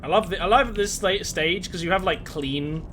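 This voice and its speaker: A man chats casually while he streams a game, wandering between tangents with self-deprecating asides. His voice sits a little high. Faint noise runs underneath. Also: normal speed. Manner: rambling, chatty, self-deprecating. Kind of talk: casual gameplay chat.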